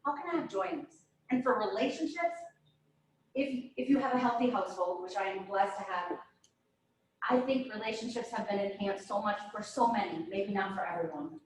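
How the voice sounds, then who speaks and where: A woman's voice: mid-range voice, fairly quick, a little hiss or hum. Woman speaking from far in an echoey room. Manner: asks the audience many questions. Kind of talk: motivational talk to an audience. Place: room with a live audience. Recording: roomy echo from far off.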